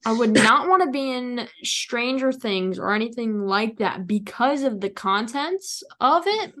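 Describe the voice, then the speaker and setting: A woman's voice: a little high, animated, a little slow, fairly bright tone. A young woman hosting a podcast, chatting casually over a call and teasingly brushing off her guest's questions. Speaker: podcast host. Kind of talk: casual chat.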